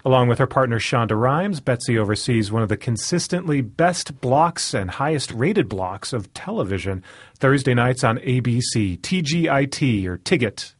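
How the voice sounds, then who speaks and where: A man's voice: mid-range voice, lively intonation, normal speed, no echo, clean studio sound. A man hosting a radio interview show, chatty and laughing, often restarting his sentences. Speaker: host. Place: radio studio.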